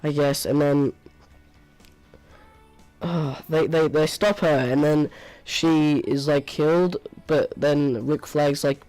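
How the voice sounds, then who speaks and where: A man's voice: fairly high pitch, measured pace, a little mellow, soft background music, poor audio. A man giving a casual spoken movie review, rambling and exasperated, packing his talk with filler words.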